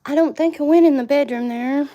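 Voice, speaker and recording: A middle-aged woman with a drawl talks to her phone camera in a loose, rambling way, laughing often. Her voice sits high. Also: brisk, dark tone, lo-fi sound. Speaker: vlogger. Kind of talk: casual livestream chat. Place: home and yard, outdoors at times.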